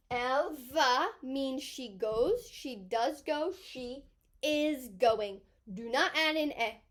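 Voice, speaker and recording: A woman, a high school teacher, explaining grammar in an emphatic lesson that repeats key points.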